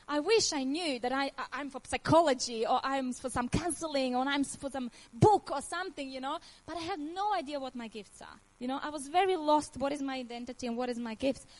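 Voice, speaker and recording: A woman's voice: high voice, brisk, few pauses, low-quality recording. A woman in her thirties from Croatia with a Croatian accent, telling her personal faith testimony in earnest, emotional English with frequent laughs. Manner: earnest, emotional, laughs often, nonnative grammar. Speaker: testimony speaker.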